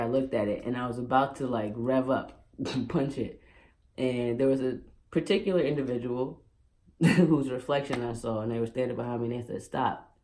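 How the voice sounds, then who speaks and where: Young guy vlogging at home, candid and emotional, lots of likes and ums, middle pitch. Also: dark tone. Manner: emotional, candid, many fillers. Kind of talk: personal storytelling.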